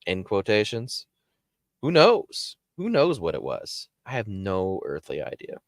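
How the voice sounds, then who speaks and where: A man casually telling a paranormal story as the show's host, animated and jumping up in pitch when he acts out quotes. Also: a little slow, no echo, studio quality. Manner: animated, jumps high when acting out quotes.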